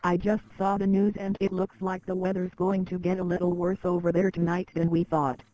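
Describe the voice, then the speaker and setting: A woman's voice: fairly low pitch, completely flat delivery, brisk, warm tone, close to an everyday voice, rough recording. A woman voicing a friendly neighbor who leaves a polite, reassuring phone message in a game. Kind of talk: scripted game dialogue.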